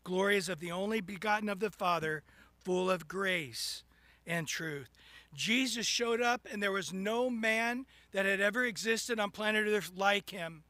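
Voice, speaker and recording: A man preaching a sermon, animated, acting out little scenes and rising into sudden loud bursts. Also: high-pitched, unhurried, dry recording. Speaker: pastor.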